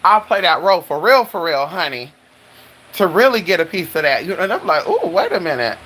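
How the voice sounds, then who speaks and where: Flamboyant streamer, sassy and chatty, mid-pitched voice, faint hiss behind. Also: lively intonation, a little fast, fairly bright tone, low-quality recording. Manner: sassy and flamboyant, calls listeners honey and girl; swoops high for dramatic exclamations. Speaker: livestreamer. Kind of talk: casual live-stream chat.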